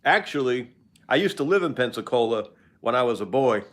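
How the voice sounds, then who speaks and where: A man's voice: medium pitch, expressive, a little fast, a bit bright, slight background noise. An older man hosting a live stream, chatting casually with viewers in a rambling, joking way.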